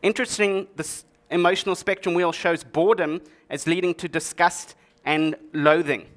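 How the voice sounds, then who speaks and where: Speaking at a steady, normal pace, this male conference speaker has a fairly high, slightly bright voice. His tech talk to the audience is dry and jokey, peppered with sarcastic remarks.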